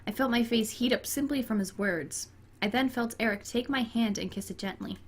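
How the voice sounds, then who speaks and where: A woman doing a let's play reads a dating game aloud, breaking into chatty, giggly asides and even talking to her cat. Her voice is a little high at a moderate pace, with slight background noise.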